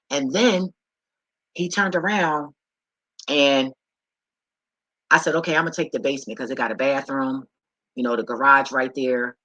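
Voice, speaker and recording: Young woman, AAVE speech, profane candid vlog rant, husky tone, dry close sound. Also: low-pitched, normal speed, pauses often, dry recording, low-quality recording. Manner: profane, blunt, animated storytelling. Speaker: vlogger.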